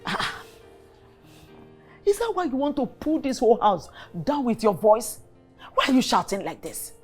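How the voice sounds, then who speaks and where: Middle-aged woman, Nigerian accent, scolding mother, lively pitch, rather high. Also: measured pace, breathy edge, faint music behind, heavily acted. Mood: exasperated. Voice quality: exasperated, scolding. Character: weary irritated mother who wants to rest. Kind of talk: Nollywood film acting.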